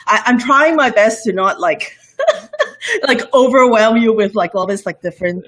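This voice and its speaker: A woman's voice: fairly high pitch, very animated, a little slow, a bit bright. A young woman from Borneo with a mixed international English accent, chatting as a guest in an interview, rambling with many fillers and frequent laughs. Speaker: cooking show host, guest. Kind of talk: casual interview chat.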